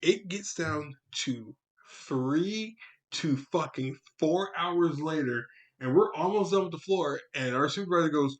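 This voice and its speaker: A man's voice: medium pitch, normal speed. A man co-hosting a podcast, telling a work story in a laid-back, profane way. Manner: laid-back, profane, rises into loud retorts. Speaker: podcast co-host. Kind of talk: casual storytelling chat.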